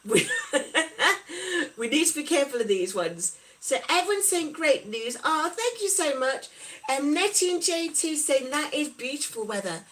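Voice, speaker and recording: Chatting on her livestream, this middle-aged UK host reads viewer comments aloud and answers them warmly. Her voice sits high and sounds animated, with a measured pace, over a rough recording.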